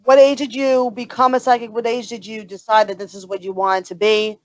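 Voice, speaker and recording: A woman's voice: on the high side, level tone, fairly quick. A woman hosting a podcast, asking questions in a casual, chatty way. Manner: chatty, encouraging listener. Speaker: podcast host. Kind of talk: casual interview chat. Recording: dull lo-fi podcast audio.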